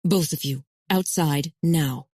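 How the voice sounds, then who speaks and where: A firm, motherly middle-aged woman keeps her household in line, read by a woman narrator. The voice sits low for a woman and sounds close and dry. She speaks in a composed, controlled way. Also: slow pace, warm tone, slightly rough, no echo, full character voice. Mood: stern.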